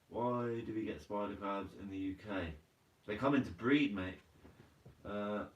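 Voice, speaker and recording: A man's voice: medium pitch, fairly bright tone. A man hosting a casual live stream, chatting easily with viewers, reading their comments aloud and laughing often. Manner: laid-back, chatty, laughs often, says mate a lot. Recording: roomy sound from a distant mic.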